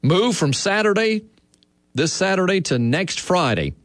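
A man's voice: high voice, very animated, unhurried, fairly bright tone, no room sound, studio quality. A man hosting sports radio talk in an easygoing way, laughing often.

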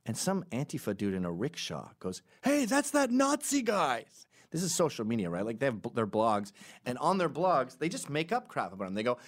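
A middle-aged man hosting a podcast, telling stories in an animated, sarcastic, casual way. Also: medium pitch, a little fast. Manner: animated storytelling with sarcastic asides. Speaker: podcast host.

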